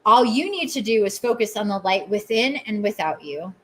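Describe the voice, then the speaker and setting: A woman's voice: mid-range voice, animated, normal speed, poor audio. A woman hosting a podcast, giving a channeled oracle reading and guided meditation. She lingers on repeated phrases in an incantatory way, with open emotion and self-mocking asides. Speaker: podcast host and oracle reader.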